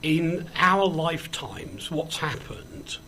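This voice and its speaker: A man's voice: a little high, sing-song, takes it slowly, gravelly, pushed and bright, slight background noise. A man hosting a casual radio chat show, joking and rambling with frequent ums as he moves between banter and news. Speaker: host.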